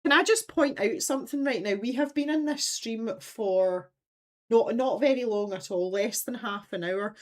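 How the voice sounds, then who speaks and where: A Scottish woman in her thirties, hosting a livestream in animated, chatty conversation and laughing often. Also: a little high, moderate pace. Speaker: livestream host. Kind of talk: casual chat.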